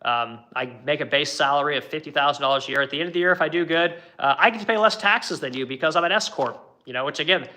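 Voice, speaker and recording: A man's voice: on the high side, sharp tone. A middle-aged man who owns a furniture business, chatting bluntly with livestream viewers and cursing freely as he rants. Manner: blunt, profane, ranting.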